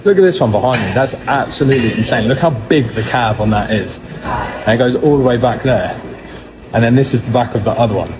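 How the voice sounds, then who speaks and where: A man vlogging outdoors at a fire station, excited and amazed. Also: mid-range voice, brisk. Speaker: tourist vlogger. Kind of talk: walking vlog to camera. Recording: clear outdoor ambient noise.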